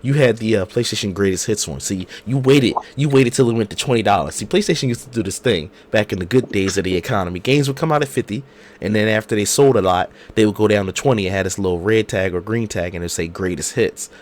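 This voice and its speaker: A hoarse man, an animated, slangy podcast co-host telling a story over a video call. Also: lowish voice, quick pace. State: hoarse from a cold. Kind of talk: casual chat.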